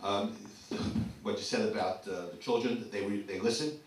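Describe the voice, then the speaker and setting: Chatty retired teacher in an echoey hall. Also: male voice, lowish voice, moderate pace, a little hiss or hum. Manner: chatty, tells anecdotes. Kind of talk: casual remarks from the floor. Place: community hall. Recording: echoey hall, mic from far off.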